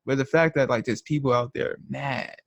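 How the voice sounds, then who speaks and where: A man's voice: medium pitch, moderate pace, gravelly, no room sound. A young man hosting a live trading stream, talking in a blunt, slangy, emphatic casual rant.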